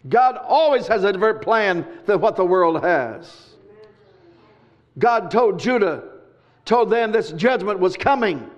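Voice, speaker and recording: Preacher, man, very high voice, repeats lines and bursts into shouts; dull lo-fi recording. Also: lively intonation, measured pace. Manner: emphatic, repetitive preaching with sudden shouts. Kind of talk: sermon.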